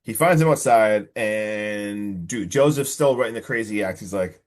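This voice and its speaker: A man hosting a casual podcast film review, retelling the plot in an excitable, slangy way and acting out the characters. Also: lowish voice, a little slow, few pauses. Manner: animated retelling, acts out the characters. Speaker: podcast host.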